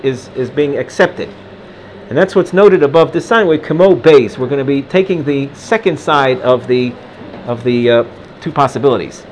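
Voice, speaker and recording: A man's voice: a little high, a little hiss or hum. A man teaching a Gemara lesson, reading Aramaic lines in an Ashkenazi Hebrew pronunciation and translating them, with frequent restarts. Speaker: Talmud teacher.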